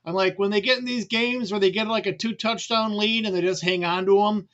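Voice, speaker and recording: A man, a mortgage guest on a remote call. He talks in a relaxed, rambling way with many fillers. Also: high-pitched, a little fast, muffled recording. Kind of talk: casual remote chat.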